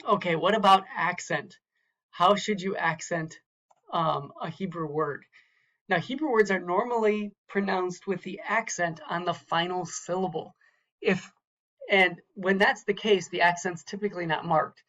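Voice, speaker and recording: Man slowly sounding out words in a lecture. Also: high voice, sharp tone, dull audio. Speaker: Hebrew teacher. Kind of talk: recorded lecture walking through slides.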